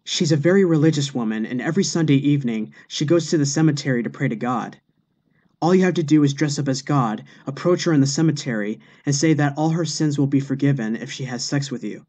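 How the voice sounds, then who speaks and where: A man's voice: medium pitch, quick pace, a little mellow, lightly acted. A man voicing a scheming male bus driver in a joke, sounding sly and conspiratorial.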